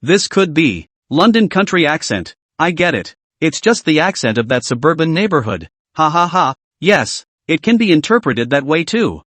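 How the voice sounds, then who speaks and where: A man narrating a comic story recap in a scripted, lively reading style. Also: a little high, no room sound. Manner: lively, reads out laughter as words.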